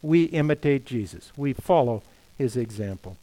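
A man's voice: mid-range voice, animated, moderate pace, dark tone, low-quality recording. A middle-aged man preaching a sermon as pastor, emphatic, firing off rhetorical questions and quoting scripture.

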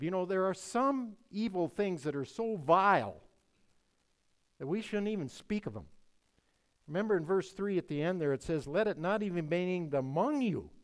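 Animated male preacher. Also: high voice. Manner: emphatic preaching, swinging from hushed to loud. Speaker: pastor. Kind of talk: sermon.

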